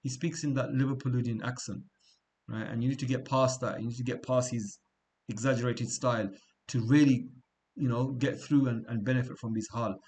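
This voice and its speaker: A man's voice: mid-range voice, fairly even intonation, brisk, darkish tone. A middle-aged man teaching a class in an informal, conversational way, often checking in with "right?" and repeating himself as he talks. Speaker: seerah teacher.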